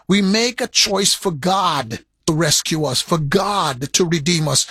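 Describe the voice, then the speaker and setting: A man preaching a sermon, swinging sharply in pitch and pace and repeating words for emphasis. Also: fairly bright tone, slightly rough, dry recording.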